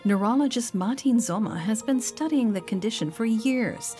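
Woman, documentary narrator, scripted, calm and measured, faint background music. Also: on the high side. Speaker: documentary narrator and voice-over translator.

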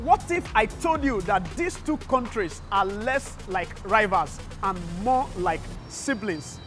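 A woman narrates a news feature in a measured, storytelling voice. Soft music plays quietly underneath her. Her pitch sits in an ordinary middle range. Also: expressive. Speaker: documentary narrator. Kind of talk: scripted narration. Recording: faint music behind. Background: faint music.

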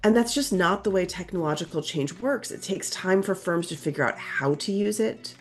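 A low-pitched woman speaking as an expert. She explains in a reasoned, analytical way, with faint music behind. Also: normal speed. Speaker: labor market expert. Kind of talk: interview answer.

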